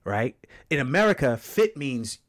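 A man with an English accent, a podcast guest chatting casually and telling animated stories. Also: mid-range voice. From England. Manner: animated storytelling, quick and expressive. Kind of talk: casual chat.

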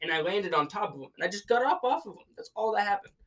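A young man in casual podcast chat, telling an animated story full of acted-out quotes and casual swearing. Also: sits high, fast talker.

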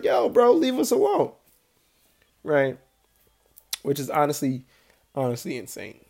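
A man's voice: a little high, darkish tone. A young man hosting a podcast in casual solo commentary, chatty and slangy, often asking "right?" to his listeners. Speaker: podcast host.

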